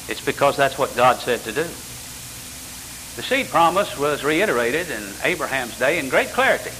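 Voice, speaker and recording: Animated older preacher in an echoing church. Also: male voice. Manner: animated preaching with sudden pitch jumps and rhetorical questions. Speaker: pastor. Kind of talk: sermon. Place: church sanctuary. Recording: church hall reverb with faint hiss.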